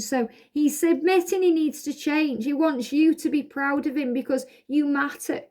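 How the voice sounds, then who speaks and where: A woman's voice: high-pitched, moderate pace, few pauses, warm tone. A woman doing a spiritual card reading, reading each card's message aloud and explaining it in a soothing, reassuring way, recorded outdoors. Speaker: tarot card reader.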